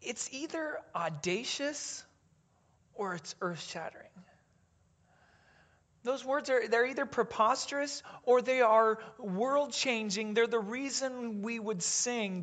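A pastor preaching a sermon in a deliberate way, dropping to a hush on key phrases and leading the congregation in reading aloud. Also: mid-range voice.

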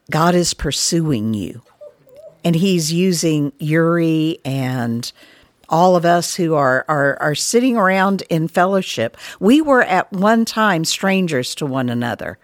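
A woman giving a calm, deliberate encouraging message. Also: low voice, no room sound, studio quality.

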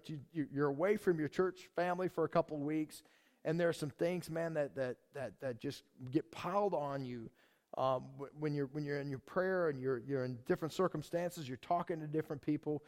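A man preaching a sermon as pastor, animated, often repeating and restarting his words. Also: on the high side.

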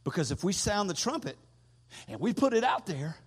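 A middle-aged man preaching a sermon as pastor, swelling loud and high, then dropping low. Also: big pitch swings, moderate pace, husky. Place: church sanctuary. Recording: long echo from a big hall.

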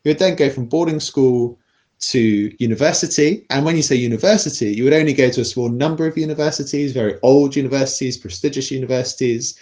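A man with a posh British accent explaining a topic in a thoughtful, measured podcast conversation, often restarting his sentences. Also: mid-range voice, darkish tone. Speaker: podcast guest explaining class.

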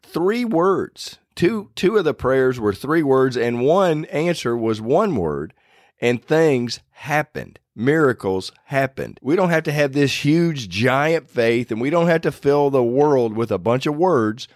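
A man's voice: mid-range voice, lively intonation, takes it slowly, no echo, studio quality. Folksy man giving a devotional talk. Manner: folksy and self-deprecating, rambling with restarts. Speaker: faith podcast host.

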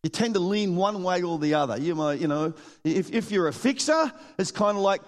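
A man preaching a sermon in a church hall, animated and laughing often as he acts out the people in his stories. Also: high-pitched, a little fast. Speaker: pastor. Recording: long hall reverb.

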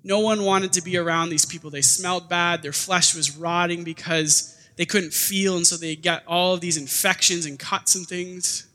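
A man's voice: high voice, moderate pace. A man preaching a sermon in a casual, conversational way, often acting out what people say. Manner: conversational, animated preaching with acted-out quotes. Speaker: pastor. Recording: long hall reverb.

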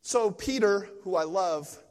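A young man from Pennsylvania preaching a sermon in a church, telling stories in a lively, joking way with frequent restarts. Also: high-pitched, a little slow. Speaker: guest preacher. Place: church sanctuary. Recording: long reverb of a church hall.

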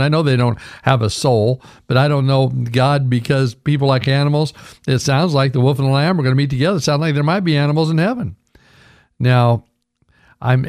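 An older man, a radio pastor, giving an earnest sermon and reading scripture aloud, often calling his listeners "folks" and slowing down to stress key words. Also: mid-range voice, darkish tone, dry recording, studio quality. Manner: earnest, addresses listeners as folks, slows for emphasis.

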